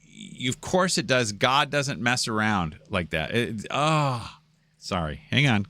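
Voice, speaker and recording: A man giving casual commentary on video clips as host. He talks in a halting, stop-start way and keeps pausing to find his place. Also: medium pitch, animated, sharp tone, dry recording.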